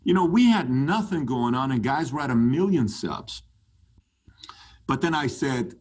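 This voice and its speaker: A man talking as a podcast guest, emphatic and animated, pitch climbing when he gets fired up. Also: normal speed, slightly rough. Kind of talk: animated interview talk.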